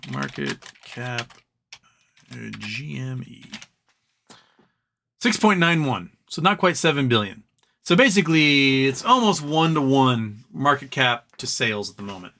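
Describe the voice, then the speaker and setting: A man's voice: mid-range voice, bright, forceful tone. A man hosting a live stream, chatting casually and reading viewer comments aloud with frequent ums and restarts. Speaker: livestream host.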